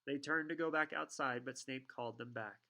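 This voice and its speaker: A man narrating a children's fantasy novel in a steady, expressive reading voice. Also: mid-range voice, brisk. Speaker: audiobook reader. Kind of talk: storybook narration.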